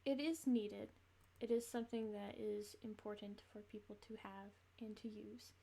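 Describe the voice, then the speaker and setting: A woman's voice: medium pitch, fairly even intonation, moderate pace, creaky, warm tone. A woman streamer giving casual, rambling gameplay commentary, laughing between thoughts.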